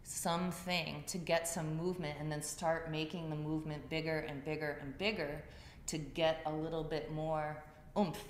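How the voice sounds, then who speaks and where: Speaking in a deep, level voice at a normal speed, a woman instructs a yoga class and talks to the group in a conversational storytelling manner. The classroom is echoey, with faint ambience and slight background noise.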